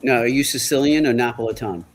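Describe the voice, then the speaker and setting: A man's voice: mid-range voice, fast, slight background noise. A man from Long Island with a New York accent, chatting casually as a livestream guest and asking lots of questions. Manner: asks many questions, rambling with restarts. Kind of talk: casual chat.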